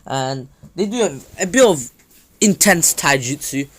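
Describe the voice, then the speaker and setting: A man's voice: on the high side, lively intonation, unhurried, fairly bright tone. A man casually recapping a fan-made story, rambling with many fillers and self-corrections.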